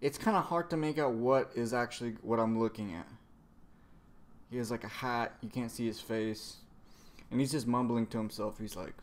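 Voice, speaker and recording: A man's voice: mid-range voice, moderate pace. A man casually recapping a comic chapter, rambling, cursing a lot and trailing off into fillers. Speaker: manga reviewer.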